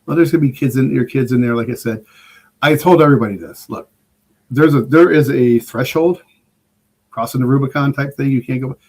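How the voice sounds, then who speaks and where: Older man, podcast guest, rambling enthusiastic storyteller, casual, average pitch. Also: fairly quick, darkish tone. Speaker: guest preparedness expert.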